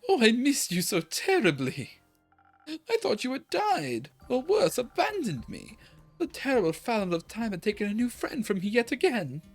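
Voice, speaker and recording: A streamer voicing a cheerful, clingy, dramatic male vampire in a video game, speaking in a theatrical, high, gushing way. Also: wildly swooping pitch, moderate pace, breathy edge, soft background music, full character voice. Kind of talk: voicing game characters while playing.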